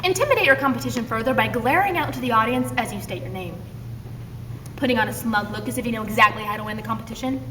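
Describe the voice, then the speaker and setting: Young woman, bright voice, dry mock-instructional comedy, far-off mic, roomy echo. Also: a little high, quick pace. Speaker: student performer in a comedic duet. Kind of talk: scripted comedic duet, deadpan delivery. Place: classroom. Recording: echoey room, distant mic, faint noise.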